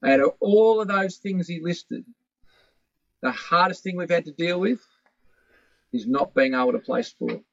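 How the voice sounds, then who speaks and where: A man hosting a casual conversation, talking quickly and chiming in with short agreements. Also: high-pitched, fairly bright tone. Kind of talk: casual chat. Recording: dry, dull lo-fi sound.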